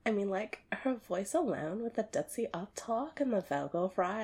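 A woman speaking to the listener as his girlfriend in an audio role-play. She talks in an unhurried, expressive way, swinging between loud and hushed. Her voice has a gravelly vocal fry and a husky edge. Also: mid-range voice. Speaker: girlfriend character addressing the listener.

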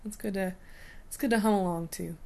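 A woman singing a cover song and then chatting casually about it in quick, laughing asides. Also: mid-range voice, steady tone, vocal fry, warm tone.

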